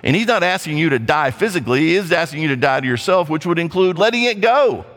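A man's voice: a little high, lively intonation, fast talker, fairly bright tone. A male pastor preaching a sermon in a blunt, conversational way, with playful asides. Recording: long hall reverb.

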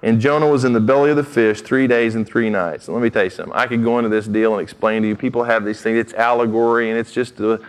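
A man's voice: medium pitch, fairly even intonation, fast, hardly any pauses, smooth, low-quality recording. A man preaching a sermon, reading scripture aloud and breaking off into direct, emphatic asides to his listeners. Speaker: pastor.

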